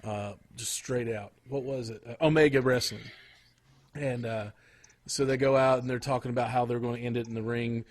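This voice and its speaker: A man co-hosting a podcast in casual chat, rambling with frequent pauses and restarts. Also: mid-range voice, steady tone. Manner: rambling, lots of fillers and restarts. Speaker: podcast co-host.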